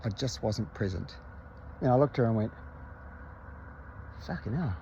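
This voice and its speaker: A man's voice: mid-range voice, fairly quick, mellow, muffled recording, slight background noise. A man candidly telling a personal story in a conversational, self-reflective way, recorded outdoors. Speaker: vlogger.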